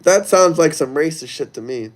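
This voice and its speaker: A man's voice: fairly high pitch, lively intonation, moderate pace. A man hosting a casual livestream, talking loosely and crudely straight to his viewers as he reads the chat. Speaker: livestream host reading chat.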